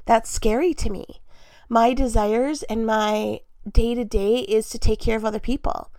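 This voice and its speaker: A woman's voice: a little high, fairly even intonation, measured pace, a little mellow, no room sound. A woman in her thirties hosting her own podcast, talking candidly and casually, often breaking into laughs. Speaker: podcast host. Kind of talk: casual solo podcast talk.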